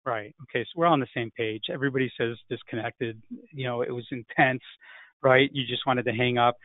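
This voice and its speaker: A man's voice: mid-range voice, steady tone, a little fast, dry recording. A man teaching an online sales class, emphatic and peppered with "right?" tags. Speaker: sales coach. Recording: tinny phone-like line, dry.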